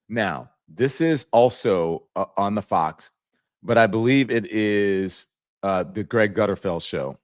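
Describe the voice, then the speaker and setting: Lively mocking male show host. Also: measured pace. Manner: animated, mocking, jumps into high exclaiming bursts. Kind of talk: political commentary show.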